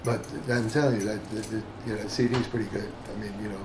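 A man rambles through his answers. He talks in a lowish voice with plenty of fillers and restarts. The room is roomy and echoey, and steady background noise sits clearly under him. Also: fast. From the Bronx. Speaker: bassist and singer. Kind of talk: casual oral-history interview. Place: room with other band members.

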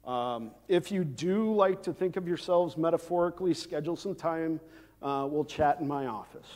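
A man preaching a sermon as pastor, measured and unhurried, with frequent "uh" fillers and the odd dry aside. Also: fairly high pitch, a little mellow. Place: church sanctuary. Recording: long church hall reverb.

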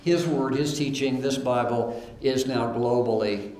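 Guy preaching in a church, middle pitch, echoey room, reads verses and stumbles over his starts. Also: unhurried, a little mellow. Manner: reads scripture aloud with fillers and repeated starts. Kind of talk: sermon. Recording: roomy echo.

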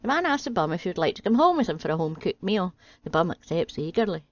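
A woman reading a string of jokes aloud in a steady, deadpan way. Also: lowish voice, fast talker. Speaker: channel host reading jokes. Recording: dry, slightly dull home audio.

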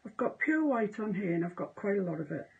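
Husky, gravelly woman painting. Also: mid-range voice, sing-song, brisk. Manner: chatty, self-amused, trails off mid-sentence. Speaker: painting tutor hosting a live stream. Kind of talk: casual live painting demonstration. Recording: dull lo-fi live stream audio.

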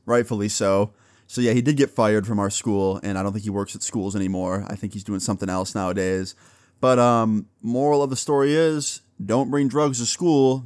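A young man casually telling a personal story to his viewers, acting out the dialogue in an animated way and swearing now and then. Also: lowish voice, no echo, studio quality. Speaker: storytime vlogger.

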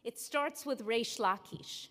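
A woman rabbi delivers a sermon in a measured, emphatic way, pausing deliberately between phrases. Her voice sits on the higher side and moves slowly. Long reverb from the sanctuary follows her words. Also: a bit bright. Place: synagogue sanctuary.

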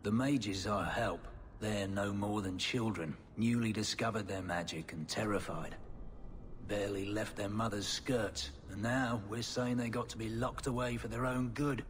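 An actor playing a streetwise, wry smuggler in a video game, talking in a gruff, matter-of-fact way. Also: male voice, lowish voice, fairly even intonation, measured pace, in a large hall, a little hiss or hum, natural voice. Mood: earnest.

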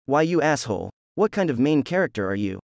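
A man's voice: mid-range voice, big pitch swings, brisk, gravelly, no echo, studio quality. A man voicing an indignant teenage boy ninja who talks in an exasperated way. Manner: pleading, then indignant. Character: angry teenage boy ninja, the sister's brother.

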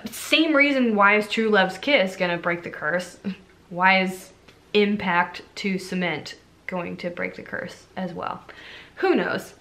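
A woman's voice: mid-range voice, slow, fairly bright tone. A young adult woman retelling a fairy tale for a movie review vlog, chatty and full of fillers. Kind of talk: casual storytelling review.

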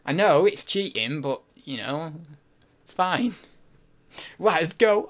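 A man's voice: a little high, lively intonation, slow, a bit bright. A young man chatting on a live stream, rambling and joking with his viewers. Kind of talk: casual live-stream chat.

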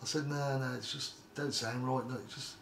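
A crowd murmurs in the background as a middle-aged retired journeyman boxer, appearing as a guest in a laid-back interview, rambles through stories with repeated "like I say" and "do you know what I mean." He speaks at normal speed in a steady, medium-pitched voice with vocal fry, and the recording has roomy echo and faint background noise.

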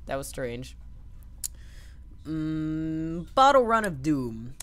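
This gaming commentator has a deep, slightly bright voice and talks at a moderate pace with an animated delivery. She jokes around and yelps often while doing let's-play commentary on a video game, and there's noise in the background.

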